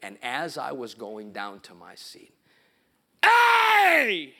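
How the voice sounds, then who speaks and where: Speaking at a fairly low pitch with lively intonation, a middle-aged pastor talks a little slowly in a creaky, pushed, bright voice. His sermon in the church sanctuary mixes stories with acted-out sounds and quotes, climbing into emphatic preaching.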